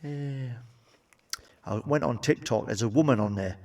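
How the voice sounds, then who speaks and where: A man's voice: mid-range voice, measured pace, a little mellow, distant mic. A man doing crude stand-up comedy, blunt and sweary, with frequent asides to the audience. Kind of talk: crude stand-up joke telling.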